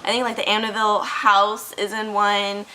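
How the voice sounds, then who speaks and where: Bright woman rambling through a movie recap. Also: medium pitch, level tone, normal speed, a little hiss or hum, low-quality recording. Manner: rambling, profane, speculative, heavy use of "like". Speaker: movie reviewer. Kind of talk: casual chat.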